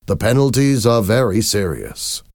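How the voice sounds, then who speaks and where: A man voicing a calm, steady uncle who works as a wildlife officer, speaking in a measured, firm way. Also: lowish voice, no echo, clean studio sound, voice pushed up.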